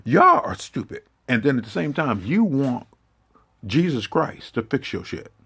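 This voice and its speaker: A man's voice: mid-range voice, big pitch swings, measured pace, bright, forceful tone, breathy edge. A man giving an impassioned, confrontational monologue, swearing heavily and lecturing his listeners. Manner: preachy, confrontational, heavy swearing.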